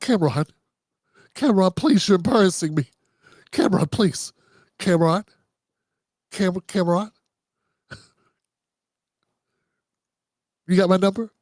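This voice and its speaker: A man's voice: high voice, normal speed, long pauses, darkish tone, dry recording, clean studio sound. A man doing an impression of an exasperated woman news anchor who keeps scolding a panelist by name, over and over. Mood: pleading.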